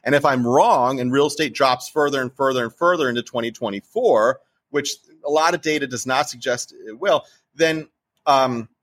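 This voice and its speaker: Animated, emphatic man with a New Jersey accent. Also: mid-range voice, moderate pace. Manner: animated, emphatic, acts out quoted investors. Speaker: real estate investor guest. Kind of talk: casual interview talk.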